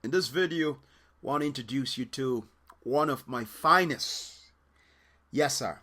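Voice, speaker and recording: Brief: male soccer coach, casual vlog host, bright tone, lively and rambling delivery. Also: medium pitch, measured pace. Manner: animated, rambling, with many fillers and quoted voices. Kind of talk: casual storytelling to camera.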